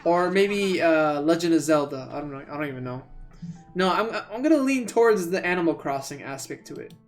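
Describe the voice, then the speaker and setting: A man streaming a video game, talking casually and rambling, repeating words and breaking into excitable outbursts. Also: a little high, brisk, soft background music. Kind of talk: casual let's-play commentary.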